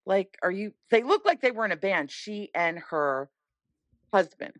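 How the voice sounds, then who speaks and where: A middle-aged woman telling a story as a podcast guest in casual chat, animated and acting out the voices she quotes. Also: mid-range voice, measured pace, dry recording.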